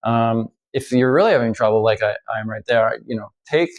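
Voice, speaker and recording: A man giving a casual violin lesson, talking in a halting way with many fillers and restarts. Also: medium pitch, lo-fi sound. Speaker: violin teacher. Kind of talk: casual instructional talk.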